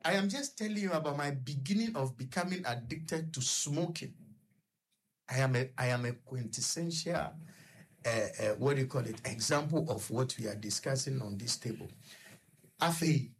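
A man with a Ghanaian accent, a guest on a radio talk show, telling a personal story in a halting, rambling way, full of fillers and restarts. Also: on the high side, expressive, breathy edge. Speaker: guest recounting his experience.

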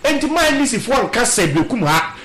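Animated Ghanaian man, high and lively. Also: quick pace, reverberant, crowd noise. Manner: animated, emphatic, mixes Twi and English. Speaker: political caller or panelist. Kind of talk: impassioned call-in political talk.

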